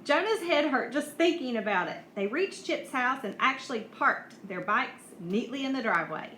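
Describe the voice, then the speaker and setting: A woman reading a novel aloud at an even pace, with small slips and restarts. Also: high-pitched, moderate pace. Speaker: audiobook reader. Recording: echoey room, faint hiss.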